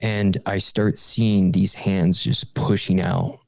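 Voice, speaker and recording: A young man, a podcast guest, recounting a frightening personal paranormal story in a halting way, with restarts, fillers and small nervous laughs. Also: sits low, little pitch movement, gravelly, a little mellow, dry recording.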